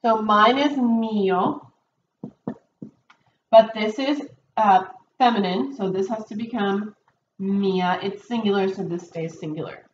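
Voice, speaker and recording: A woman's voice: medium pitch, measured pace, long pauses. A woman teacher in a classroom, patiently walking her students through a test with many ums and okays. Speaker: Spanish teacher. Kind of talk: recorded test review lesson. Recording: dull roomy recording with faint noise.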